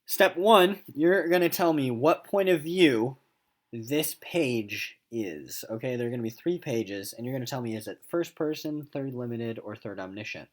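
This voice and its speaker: A man's voice: medium pitch, moderate pace. A male teacher giving a recorded lesson to middle schoolers, explaining point of view and reading story passages aloud. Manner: animated, reads story passages aloud with voices.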